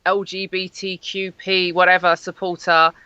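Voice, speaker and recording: A woman from Northern Ireland gives earnest, emphatic answers as an interview guest. Her voice is bright and crisp, coming through dull and dry over a remote link. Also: on the low side, flat delivery, moderate pace, no room sound.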